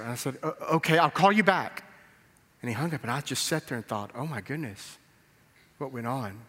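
A man's voice: medium pitch, animated, moderate pace, a bit bright, breathy edge. A male pastor preaching a sermon, telling a story and acting out the dialogue, with emphatic rises in volume. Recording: reverberant hall.

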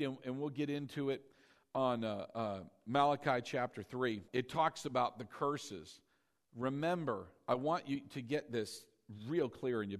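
Man preaching with call-and-response. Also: a little high. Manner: asks rhetorical questions, slows down for emphasis. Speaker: pastor. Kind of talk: sermon.

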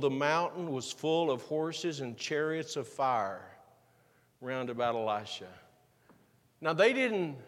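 Folksy male preacher in a reverberant church. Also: fairly high pitch. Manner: casual folksy preaching with paraphrased scripture. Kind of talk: sermon. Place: church sanctuary.

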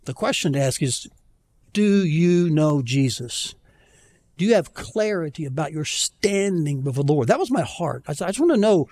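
A man preaching a conversational sermon as pastor, telling stories with self-deprecating humor and slowing down to plead earnestly. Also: sits high, darkish tone. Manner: conversational storytelling, self-deprecating, pleading slowly at key points. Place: church.

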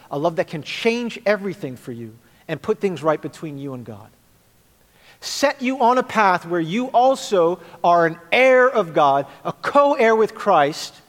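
Earnest preaching man in a reverberant church. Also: high-pitched. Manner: earnest preaching that drops to a quiet prayer. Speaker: pastor. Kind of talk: sermon. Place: church sanctuary.

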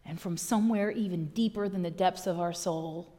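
A woman pastor preaching a sermon with impassioned delivery, swinging from loud declarations to hushed lines. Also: on the low side, moderate pace, hardly any pauses.

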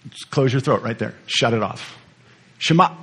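A man preaching a sermon, teaching with lively repetition and questions to the congregation. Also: mid-range voice, moderate pace, breathy edge. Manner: animated teaching, repeats words, asks the audience questions. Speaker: pastor.

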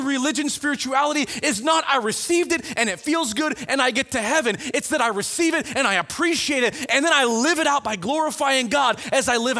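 A man's voice: extremely high pitch, bright, forceful tone. A middle-aged male pastor preaching a sermon, retelling scripture stories with voices for each character. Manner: storytelling with acted-out voices for biblical figures.

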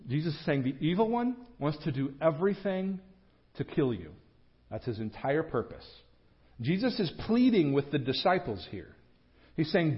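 Male pastor, fairly high voice, earnest emphatic preaching, muffled lo-fi church recording. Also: very animated, unhurried, long pauses. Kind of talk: sermon. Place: church sanctuary.

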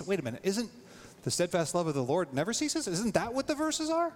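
A man preaching a sermon in a casual, animated way, his voice leaping up when he acts out prayers. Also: brisk, big-room sound. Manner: animated, voice jumps high when acting out prayers. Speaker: pastor.

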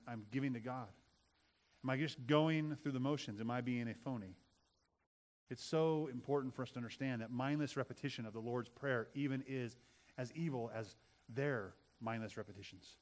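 Earnest male pastor preaching. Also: medium pitch. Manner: earnest, repeats phrases for emphasis, rising to loud passages. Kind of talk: sermon.

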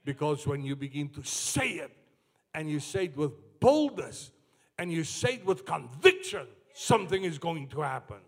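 A man preaching a sermon to his church, moving from slow, low passages up to shouted climaxes. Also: very animated.

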